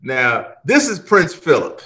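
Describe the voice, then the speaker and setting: A man co-hosting a casual podcast chat, a comedian who talks in an animated way, laughing and restarting his sentences. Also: a little high, unhurried. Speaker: co-host.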